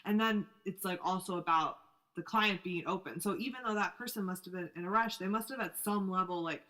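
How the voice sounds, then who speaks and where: A woman's voice: fairly low pitch, brisk, pushed and bright. Affirming woman podcast host. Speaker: podcast host, tarot deck maker. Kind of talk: casual interview chat.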